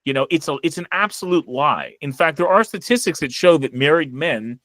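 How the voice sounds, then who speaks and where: A man's voice: fairly high pitch, expressive, brisk, fairly bright tone, no echo. A man on a casual podcast, reasoning aloud thoughtfully with fillers. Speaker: podcast guest or host.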